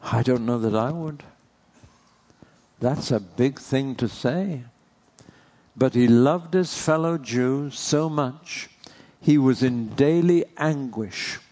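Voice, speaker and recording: A man's voice: medium pitch, takes it slowly, pauses often, warm tone. A man preaching a sermon in an earnest way, posing rhetorical questions to the congregation.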